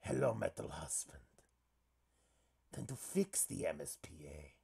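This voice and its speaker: A man voicing a stern, deadpan woman with a mock Russian accent in halting, clipped whispered role-play. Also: very deep voice, creaky, slightly rough, pitched below the performer's own voice, full character voice.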